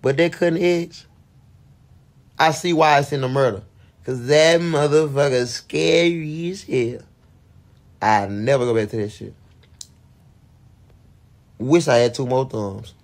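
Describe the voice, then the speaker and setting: A man, telling a profane, animated story to camera and acting out his own screams and quotes. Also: medium pitch, measured pace, long pauses. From Fort Worth, Texas. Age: 20s. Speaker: vlogger.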